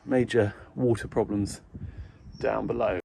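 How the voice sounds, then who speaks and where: A man co-hosting a casual vlog, speaking in a calm, reassuring way. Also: fairly low pitch, measured pace, gravelly, slight background noise. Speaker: vlog co-host.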